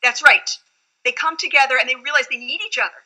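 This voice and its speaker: A woman's voice: high-pitched, quick pace, sharp tone, poor audio. A woman rabbi explaining scripture in an earnest, reflective teaching tone during a study conversation.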